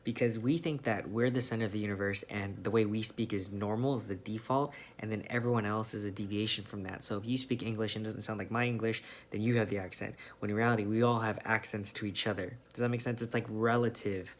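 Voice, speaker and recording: A man's voice: lowish voice, fairly even intonation, fast talker. A young man from California, musing casually on camera with lots of ums and restarts. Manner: rambling, many ums and restarts. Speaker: vlogger. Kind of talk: casual monologue.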